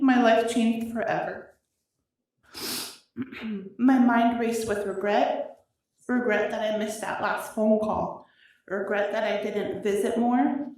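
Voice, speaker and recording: A woman reading her own victim impact statement aloud in a courtroom, emotional and halting, her voice wavering with grief. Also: mid-range voice, a little mellow. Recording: echoey courtroom audio from far off.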